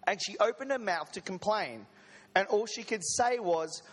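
A man delivers a sermon in a fairly high voice. He keeps it conversational and throws in light jokes to his listeners. The sound carries the long reverb of a church hall. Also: lively intonation, normal speed. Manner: conversational, with joking asides to the congregation. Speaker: preacher. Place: church service.

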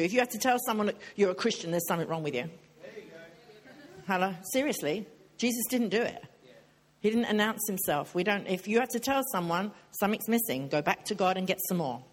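A woman's voice: medium pitch, expressive, brisk. An older woman preaching a sermon in a chatty, joking way, putting questions to her audience.

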